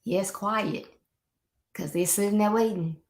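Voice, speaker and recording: Brief: female life coach and show host, mid-pitched, casual and teasing, recorded live in a room with a noticeable echo. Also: unhurried. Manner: conversational, teasing, acts out little scenes in voices. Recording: roomy echo.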